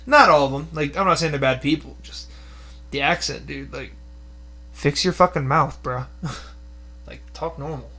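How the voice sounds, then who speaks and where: Brief: young male podcast co-host, slightly high, bright voice, crude jokey banter, low hum behind. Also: normal speed, long pauses. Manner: crude, joking, swears a lot. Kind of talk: casual chat.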